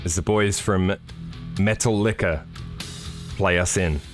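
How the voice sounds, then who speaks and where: A man's voice: deep voice, unhurried, faint music behind. A man hosting a live sim racing stream, chatting casually and jokily with viewers as he walks through a track lap. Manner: jokey, rambling, chatty with viewers.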